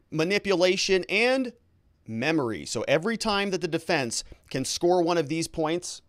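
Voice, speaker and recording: Man, legal commentary, conversational, fairly high voice, dry sound. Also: dry recording. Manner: conversational, explanatory, with filler words. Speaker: attorney commentator.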